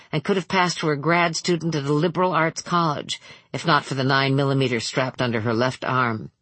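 A woman reading an audiobook in a measured, steady voice. Her tone is low and husky. The recording is close and completely dry. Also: dry recording. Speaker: audiobook narrator. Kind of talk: scripted narration.

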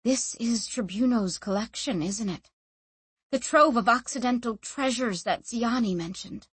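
A woman's voice: a little high, unhurried, husky, no room sound. A woman voicing a defiant young woman held captive, speaking her anxious thoughts and challenges aloud in a storybook reading. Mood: wondering. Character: defiant young woman thief, trapped and frightened.

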